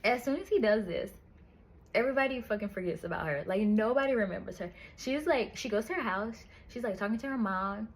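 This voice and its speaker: A woman's voice: medium pitch, expressive, brisk. A woman in a casual book review chat, retelling the story in a chatty, profane way with lots of "like".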